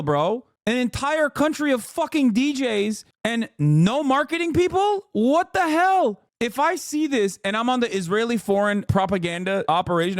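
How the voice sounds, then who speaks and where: A man's voice: sits high, no echo, studio quality. A man streaming, reacting to videos in a casual, incredulous and profane rant. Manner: exasperated, incredulous, profane ranting.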